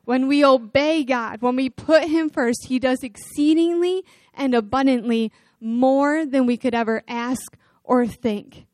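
Woman, middle-aged, church testimony, chatty storyteller, high voice, dry sound. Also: measured pace, dry recording. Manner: chatty, animated storytelling with laughs and fillers. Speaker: mission team member sharing testimony.

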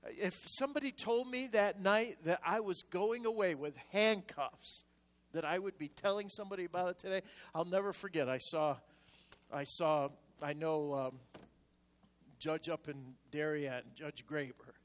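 Older man, pastor, sermon, high voice, long hall reverb, animated hushed-to-loud delivery. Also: a little slow. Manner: animated storytelling, swinging from hushed asides to loud exhortation. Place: church sanctuary.

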